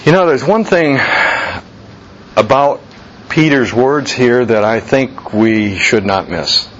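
A man preaching a sermon slowly and deliberately, jumping to a much higher pitch when he voices people's reactions. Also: lively intonation, dull audio, slight background noise. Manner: slow deliberate preaching, voice leaps high for quoted reactions. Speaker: pastor.

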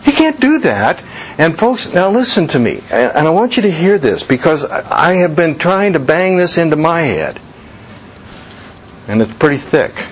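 A man preaching a sermon slowly and deliberately, jumping to a much higher pitch when he voices people's reactions. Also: very animated, highs cut off, slight background noise. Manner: slow deliberate preaching, voice leaps high for quoted reactions. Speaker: pastor.

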